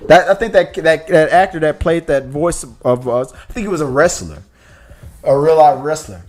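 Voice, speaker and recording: A man's voice: on the high side, expressive, moderate pace, a little mellow. Emphatic man hosting a movie livestream. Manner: emphatic, asks rhetorical questions. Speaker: podcast co-host. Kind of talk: casual live-stream movie talk.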